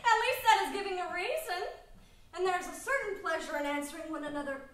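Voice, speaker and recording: A young woman acting a bold, sharp-tongued servant in a live stage play, teasing and mock-soothing her master. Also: very high voice, animated, fast talker, slight background noise. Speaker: stage actor. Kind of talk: live theater performance. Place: small black box theater. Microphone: distant room mic. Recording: roomy stage sound from far off.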